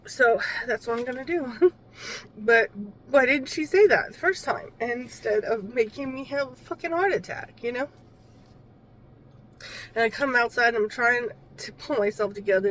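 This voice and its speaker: A woman's voice: fairly high pitch, normal speed, a little hiss or hum. A woman vlogging from a parked car into a phone camera, talking candidly and rambling, with fillers and the odd swear word. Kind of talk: candid personal vlog.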